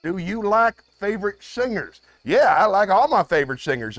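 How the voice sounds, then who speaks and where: A man hosting a live stream, chatting with his viewers in a playful way, swinging between loud outbursts and low mutters. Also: big pitch swings, normal speed, few pauses, no echo, soft background music. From United States.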